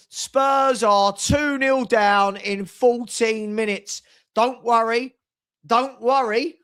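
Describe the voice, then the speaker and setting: An older man hosting a live football watchalong, exasperated and sarcastic, breaking into shouts. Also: very high voice, smooth. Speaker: fan watchalong host.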